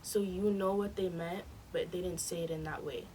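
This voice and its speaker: A teenage girl in a casual group discussion, chatty and quick to joke. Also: on the low side, steady tone, mellow. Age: teens. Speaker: camp participant. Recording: distant mic with background noise.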